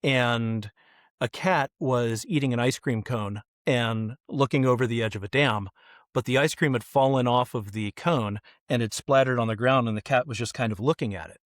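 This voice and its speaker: A middle-aged man on a podcast, telling stories in an animated way and acting out the voices of the people in them. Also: medium pitch, moderate pace, dry recording, clean studio sound. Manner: animated, acts out quoted voices. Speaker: kids ministry guest. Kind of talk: podcast interview storytelling.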